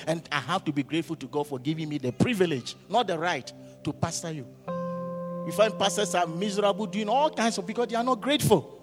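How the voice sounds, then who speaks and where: A man's voice: sits high, brisk. A man preaching a sermon as pastor, often asking the congregation questions and waiting for them to answer. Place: church hall. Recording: hall reverb with faint music.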